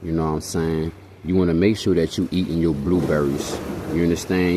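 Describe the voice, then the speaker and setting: Speaking a little fast with hardly any pauses, this young vlogger from Hawaii has a low-pitched voice and fairly even intonation against a noisy background. His casual storytelling monologue is rambling, slangy and profane, with constant "you know what I'm saying" check-ins.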